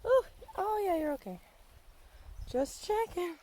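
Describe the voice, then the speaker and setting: Woman, high voice, unhurried, cooing to animals, outdoors. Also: lively intonation, a little hiss or hum. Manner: cooing chatter addressed to animals. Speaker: land steward. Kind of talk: casual walking vlog. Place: outdoors on nature trails.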